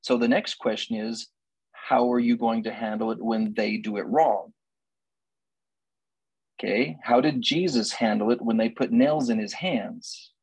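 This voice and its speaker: Male relationship counselor, husky, dry close sound, emphatic lecturer who repeats and questions. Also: mid-range voice, fairly even intonation, a little slow, a little mellow, no room sound, poor audio. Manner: emphatic, asks many rhetorical questions; repeats key lines for emphasis. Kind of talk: faith-based relationship lecture.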